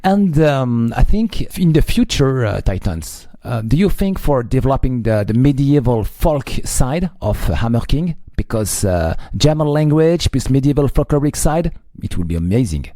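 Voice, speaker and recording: A male radio host with a French accent who hesitates and fills pauses, translating a live interview into French. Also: medium pitch, sing-song, warm tone, dry recording, studio quality. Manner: hesitant, many fillers, switches between French and English.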